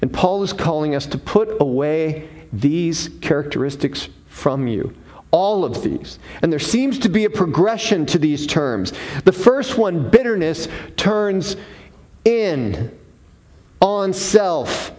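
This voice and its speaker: Slow, deliberate male preacher. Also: high voice, a little mellow. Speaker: pastor. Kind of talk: sermon.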